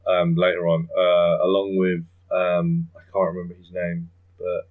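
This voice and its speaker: A man hosting a podcast in casual chat, rambling, chuckling often and slipping into quick impressions. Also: sits low, monotone, phone-quality sound. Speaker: podcast host.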